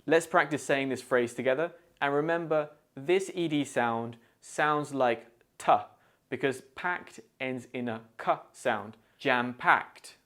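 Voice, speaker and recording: A man's voice: mid-range voice, fairly bright tone. British man teaching English idioms. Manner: clear, deliberate, pronunciation-focused teaching. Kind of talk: scripted idiom lesson.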